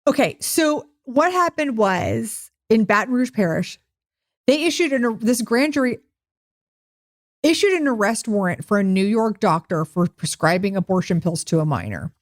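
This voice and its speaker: A woman co-hosting a podcast, telling news in an animated, sarcastic, joking way. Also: fairly high pitch, moderate pace, no echo, studio quality. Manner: animated, sarcastic storytelling with jokes. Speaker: podcast co-host. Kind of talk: casual comedic chat.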